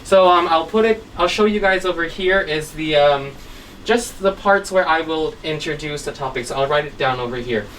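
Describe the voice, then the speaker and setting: Female teacher, patient classroom delivery, low voice, recorded from a distance with faint noise. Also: moderate pace, fairly bright tone. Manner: patient, checks in with frequent "right?" and "okay?". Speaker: English teacher. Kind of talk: classroom grammar lesson. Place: classroom with a whiteboard.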